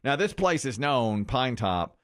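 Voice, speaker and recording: Man telling a story with wide pitch swings. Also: a little slow, no echo, studio quality. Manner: animated, self-mocking storytelling with quoted voices. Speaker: radio morning show host. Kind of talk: casual storytelling chat. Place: radio studio.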